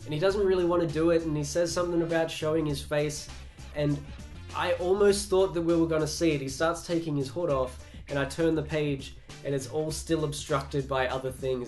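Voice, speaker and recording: A man's voice: on the high side, a little fast, faint music behind. A young man recapping a comic book casually, chatty and sarcastic, acting out the characters' lines.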